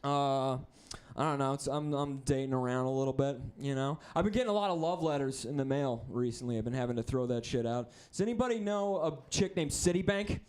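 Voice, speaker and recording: A young man from the Midwest doing a stand-up comedy set, rambling and self-deprecating with crude deadpan asides. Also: medium pitch, fairly quick, hardly any pauses. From American Midwest (Wisconsin).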